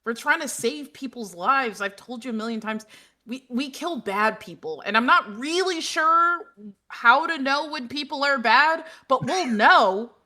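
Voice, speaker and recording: A woman voicing an earnest, soft-hearted young student who rambles emotionally. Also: high-pitched, animated, unhurried, pitched above the performer's own voice, full character voice.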